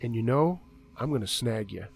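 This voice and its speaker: Man voicing a pushy flirtatious woman, low sultry teasing tone, lively pitch. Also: moderate pace, gravelly, breathy edge, faint music behind.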